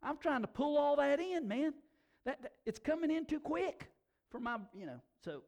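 Man, pastor, sermon, folksy, slow-talking, casual asides. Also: extremely high pitch, big pitch swings, a little mellow. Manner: slow-talking, by his own account.

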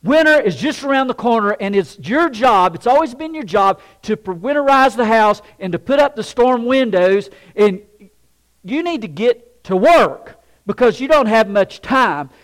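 A man voicing a stern father who yells orders at his grown son. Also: extremely high pitch, lively intonation, normal speed, pitched above the performer's own voice, rough recording. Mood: angry commanding. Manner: loud commanding shouting.

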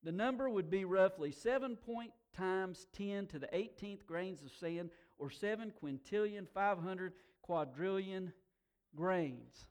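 His voice sits high, clear and resonant, and he speaks a little slowly. This middle-aged pastor tells personal stories in his sermon, mixing in laughs and building to emotional, emphatic moments.

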